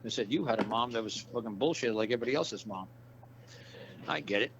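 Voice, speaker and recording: A man's voice: on the low side, fast. A blunt man talking in a rambling, profane way, pressing his points over and over. The audio is dull and lo-fi, with a faint hiss behind him. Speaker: interview guest. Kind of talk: casual interview talk.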